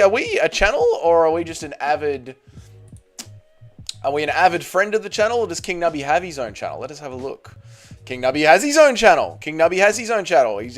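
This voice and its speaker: An Australian man hosting a live stream, chatting casually, reading chat aloud and swearing freely. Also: high voice.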